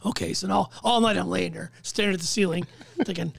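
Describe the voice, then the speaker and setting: Gravelly man telling a profane story. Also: sits high, a little fast. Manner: profane, animated storyteller acting out quotes. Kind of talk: casual storytelling chat.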